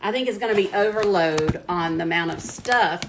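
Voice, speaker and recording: A woman's voice: on the low side, brisk. A woman hosting a casual live cooking stream from her home kitchen, chatting along and greeting viewers by name. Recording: echoey kitchen with faint noise.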